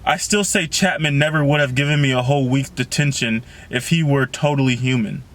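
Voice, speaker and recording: A man's voice: medium pitch, brisk, a bit bright, lightly acted. A man reading the lines of a sarcastic, joking teenage boy from a novel. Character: wisecracking teenage boy, mocking.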